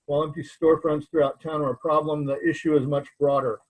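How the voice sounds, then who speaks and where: A man moderating a candidate forum on a video call, reading questions and introducing speakers with a flat, even delivery. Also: a little high, quick pace, low-quality recording.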